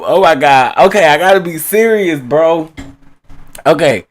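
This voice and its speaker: A man's voice: on the high side, lively intonation, a little slow. A man giving casual live-stream commentary, playful, often laughing and calling his viewers baby and y'all. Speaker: online trial commentator.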